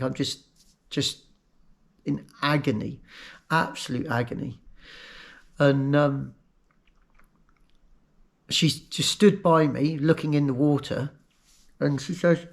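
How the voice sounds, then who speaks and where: Brief: man, emotional first-person storyteller, stammers and repeats himself. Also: on the high side. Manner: halting and emotional, repeats words. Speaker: vlogger telling his own story.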